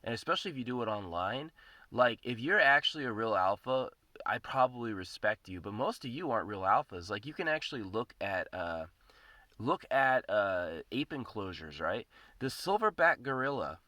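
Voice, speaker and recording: Profane rambling man with a bright voice. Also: medium pitch, big pitch swings, moderate pace, no room sound. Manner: profane, rambling, repeats himself. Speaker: podcast host. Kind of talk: casual ranting monologue.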